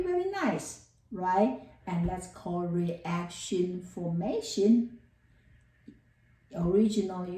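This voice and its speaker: A woman's voice: fairly low pitch, warm tone. A woman professor giving a classroom lecture, explaining terms through everyday examples and checking whether her students follow. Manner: explains with everyday examples, repeats key terms, asks if it makes sense. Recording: roomy, distant mic.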